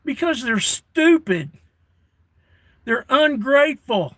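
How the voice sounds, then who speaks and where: A man's voice: high voice, takes it slowly, pauses often, a bit bright, no echo, low-quality recording. An older man chatting casually on a livestream, folksy and given to rants, reading his chat off a tablet. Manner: folksy, ranting. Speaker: live streamer.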